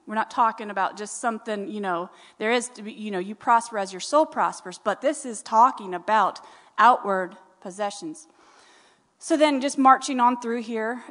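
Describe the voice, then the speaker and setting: A woman preaching a sermon in a church, animated and rising to emphatic peaks. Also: a little high. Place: church sanctuary. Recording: long reverb of a large hall.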